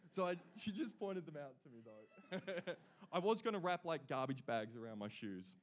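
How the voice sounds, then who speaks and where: A young adult man with an Australian accent and a high, light voice reads out award places and winners to a live crowd. He is upbeat and playful, breaking in with quick jokes between names. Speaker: awards announcer.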